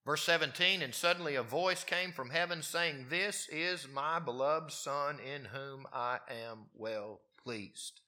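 A man preaching a sermon, his voice moving from quiet, low passages up to emphatic, raised peaks. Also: slow pace, few pauses. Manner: wide swings in pitch and loudness, rising to emphatic peaks. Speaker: pastor.

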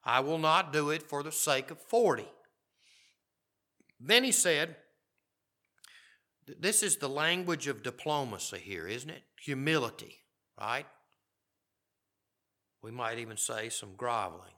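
A man's voice: medium pitch, lively intonation, measured pace, long pauses, bright, forceful tone. A middle-aged man preaching a sermon, reading scripture aloud and commenting on it in a conversational way. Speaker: pastor.

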